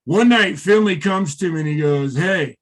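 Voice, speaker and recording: A middle-aged former wrestler, a guest in an interview, telling stories in a rambling, profane way with many fillers. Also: male voice, high voice, moderate pace. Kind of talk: casual interview storytelling.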